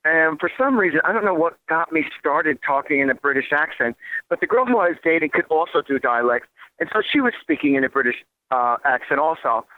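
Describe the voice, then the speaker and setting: A man's voice: fairly high pitch, expressive, brisk, no echo. A man with a New Jersey accent hosting a radio show, rambling casually with lots of fillers and restarts. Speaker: radio host. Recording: tinny phone-like radio line.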